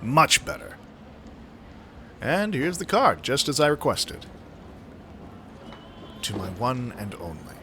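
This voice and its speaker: A man's voice: mid-range voice, very animated, takes it slowly, pauses often, background noise. A man reading the lines of a hopeful young man awaiting his date, in his own voice.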